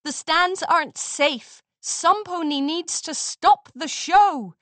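A woman's voice: sits high, lively intonation, measured pace, fairly bright tone, no room sound. A woman doing a firm young pony leader. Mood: urgent. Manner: firm, commanding. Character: take-charge young mare pony, firm. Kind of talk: storybook reading.

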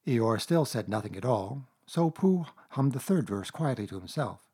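A man narrating a children's storybook aloud, gentle and measured. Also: medium pitch, expressive, slightly rough. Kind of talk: storybook reading.

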